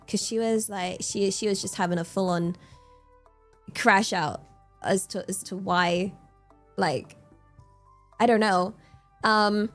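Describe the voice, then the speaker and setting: A young woman streamer telling a story in casual chat, incredulous and laughing, rambling with many fillers. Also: medium pitch.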